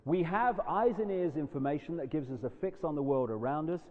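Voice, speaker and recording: Male lecturer, animated and emphatic, mid-high voice, dull lo-fi hall recording with long echo. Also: a little fast. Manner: animated and emphatic, jumping between loud outbursts and quiet asides. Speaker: public speaker. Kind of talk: live lecture to an audience.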